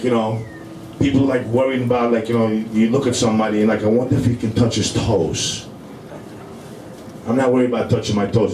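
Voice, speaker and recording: A fairly low-pitched male voice, recorded at a distance, belongs to a middle-aged Brooklyn comedian with a New York accent. He rambles through a live club set, filling it with "you know," amid echo and noisy ambience.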